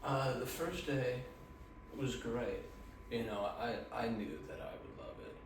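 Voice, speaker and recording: Slow-talking man in an echoey room. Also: mid-range voice. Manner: rambling, crude, deadpan jokes. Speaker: vlogger. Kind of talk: casual vlog chat. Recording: distant echoey room with noise.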